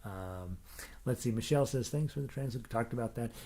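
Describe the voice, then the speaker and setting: A man's voice: medium pitch, fairly quick, mellow. A middle-aged man teaching ukulele, chatting casually on a live stream and reading out viewers' comments with plenty of fillers and jokes. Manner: chatty and jokey, lots of fillers, breaks into laughs and snatches of song. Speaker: ukulele teacher greeting class chat.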